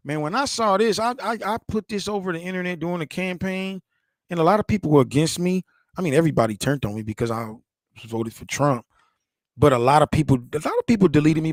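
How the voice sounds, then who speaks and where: Man, high voice, impassioned commentary, repeats himself, dry sound. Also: no room sound. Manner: impassioned, repeats himself, talks back to a video. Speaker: online show host. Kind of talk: casual commentary monologue.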